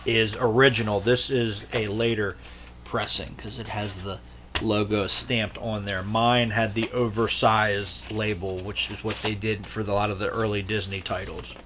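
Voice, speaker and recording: Fairly low-pitched and measured, this man's voice stays fairly even yet comes across bright and forceful. He's a VHS collector vlogger casually showing his tape collection, rambling and profane between jokes. The audio carries a little hiss or hum.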